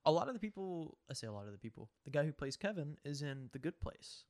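A man's voice: on the high side, very animated, fast talker, a little mellow. A young man co-hosting a podcast who laughs easily, teases, and steers the topics. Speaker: podcast co-host. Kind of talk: casual chat.

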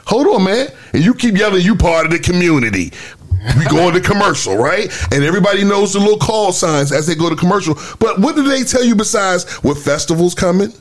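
A man's voice: high voice, lively intonation, fast, hardly any pauses. A man, co-hosting a casual podcast discussion in an emphatic, preachy way. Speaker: podcast co-host.

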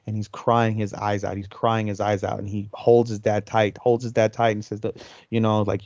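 A man's voice: on the low side, normal speed, dry recording, dull audio. Man animatedly recapping an episode. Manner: animated retelling, acting out characters' lines. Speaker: podcast co-host.

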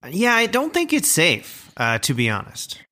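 A man hosting a podcast over a remote call, joking around in an unhurried, playful way. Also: sits high, huge pitch swings, sharp tone. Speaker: podcast host. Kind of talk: casual podcast chat.

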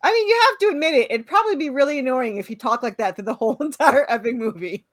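This middle-aged woman is co-hosting a podcast in casual chat mode, laughing often and drifting off with filler words. She talks fast, her voice sitting high with lively intonation, on a dry recording.

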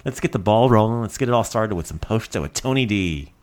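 A man's voice: on the low side, expressive, fast talker, background noise. A man hosting a language-learning podcast in casual, playful chat, laughing often. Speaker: podcast host.

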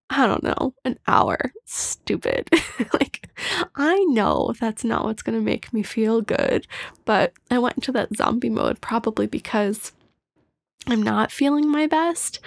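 A woman health coach hosting a casual personal podcast, talking candidly and emotionally with a soft, reflective delivery and frequent laughs. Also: fairly high pitch, gravelly. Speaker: podcast host.

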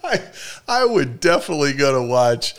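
A man co-hosting a podcast, telling stories in an animated way and cursing when irritated. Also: fairly high pitch, normal speed, clean tone. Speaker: podcast co-host. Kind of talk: casual podcast banter.

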